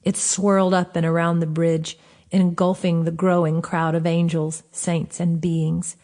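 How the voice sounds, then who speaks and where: Woman calmly reading her own fantasy book. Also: on the low side, measured pace. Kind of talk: audiobook narration.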